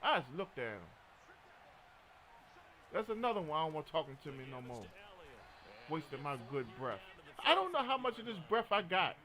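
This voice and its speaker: A man with a high, bright voice chats casually while streaming a game. He jokes around and tells stories to his viewers. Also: sing-song, moderate pace, pauses often. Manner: joking, storytelling, frequent laughter. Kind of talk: casual gaming commentary.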